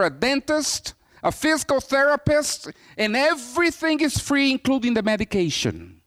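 Animated man preaching a story sermon. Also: sits high. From Brazil. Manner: animated storyteller, acts out quoted voices. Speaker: visiting missionary preacher.

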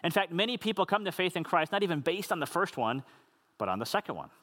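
A pastor preaching with a notably high male voice. He talks earnestly and conversationally, breaking into casual asides for the congregation. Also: sing-song, fast, bright, forceful tone. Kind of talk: sermon.

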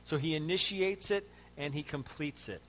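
A man preaching a sermon as a pastor, building to loud excitement and then dropping to hushed, soft tones. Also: fairly high pitch, moderate pace, slight background noise.

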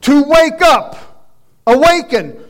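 A man preaching a sermon, loud and emphatic, shouting exhortations and dropping into quiet asides. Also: extremely high pitch, expressive, slow. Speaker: pastor.

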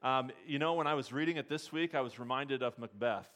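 Male pastor, mid-pitched, preaching a storytelling sermon with questions to the congregation. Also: brisk, fairly bright tone.

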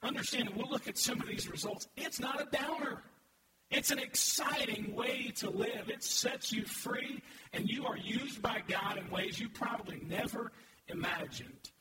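A man in his thirties preaching a sermon as pastor, talking conversationally and asking the congregation questions. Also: sits high. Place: church sanctuary. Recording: echoey, distant, noisy room recording.

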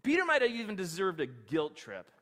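A male pastor telling a story in a lively, conversational sermon, his high voice swooping up and down. The sound carries a long hall reverb. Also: fairly quick.

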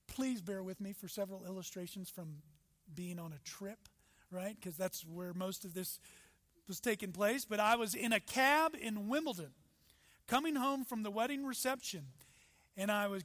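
A man preaching a sermon as pastor, with emphatic rises and sudden soft drops. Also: sits high. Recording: long hall reverb.

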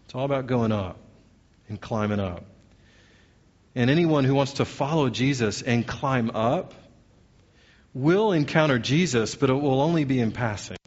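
A man's voice: medium pitch, highs cut off. A man preaching as a pastor, earnest, putting question after question to his congregation. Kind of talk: sermon.

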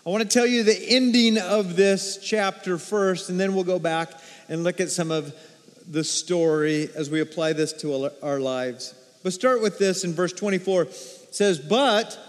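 High-voiced pastor preaching in a reverberant hall. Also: male voice. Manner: energetic, call-and-response with congregation. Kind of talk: sermon. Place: church sanctuary.

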